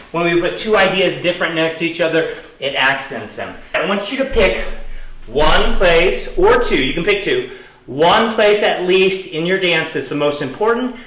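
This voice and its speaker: A man's voice: fairly high pitch, bright, forceful tone. A man teaching an online dance lesson, counting out beats while he moves and encouraging viewers as he goes. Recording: roomy echo, distant camera mic.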